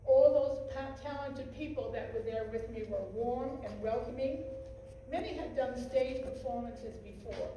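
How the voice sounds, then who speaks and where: A woman's voice: on the high side, unhurried, mellow. An older woman presenting an acting showcase, speaking to the audience in a playful, rhetorical, emphatic way. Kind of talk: speech to an audience. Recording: echoey hall, far from the mic, noisy.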